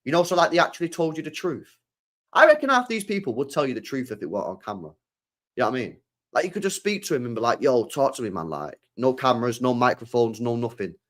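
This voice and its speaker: A young man, hosting a casual football stream, rambling in slangy, animated asides. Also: mid-range voice, quick pace. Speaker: football channel host. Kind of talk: casual livestream chat.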